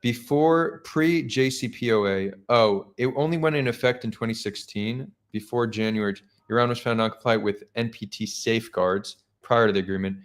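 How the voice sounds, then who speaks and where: A man's voice: medium pitch, normal speed, hardly any pauses. A man hosting a live stream, talking casually and skeptically, thinking aloud with frequent restarts. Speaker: streamer host.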